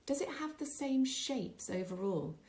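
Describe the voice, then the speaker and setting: Middle-aged woman explaining clearly. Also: medium pitch, sing-song, darkish tone. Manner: clear, measured, patient explaining. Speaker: English teacher. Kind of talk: scripted instructional voice-over.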